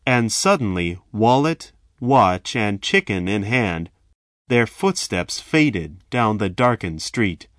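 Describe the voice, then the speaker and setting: A man telling a first-person story in a slow, measured, dramatic way. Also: on the low side, big pitch swings, a bit bright, dry recording, clean studio sound.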